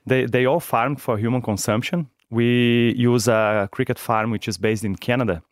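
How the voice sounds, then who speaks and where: A man's voice: mid-range voice, steady tone, normal speed, no room sound, clean studio sound. A man from Brazil with a Brazilian Portuguese accent, answering interview questions in a hesitant way. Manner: hesitant, frequent ums. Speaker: guest, company co-founder.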